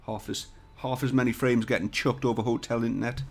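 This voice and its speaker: Brisk and creaky, with hardly any pauses, this man's medium-pitched voice barely moves in pitch. He's running a casual CAD tutorial livestream from a hotel room, bantering with viewers and swearing now and then. The desk microphone he uses lacks both a shock mount and a pop filter.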